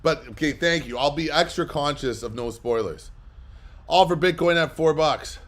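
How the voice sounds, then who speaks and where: A man's voice: a little high, moderate pace, fairly bright tone. A man hosting a live comic book auction, chatting casually and rambling with lots of fillers between bids. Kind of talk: casual livestream chat.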